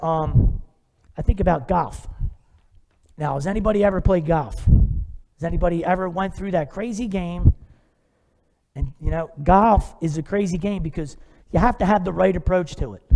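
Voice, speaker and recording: A man preaching in a church with a high, gravelly voice. He talks in a loose, conversational way and asks the congregation rhetorical questions. His voice rings with long reverb in the sanctuary. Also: dark tone. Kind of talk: sermon.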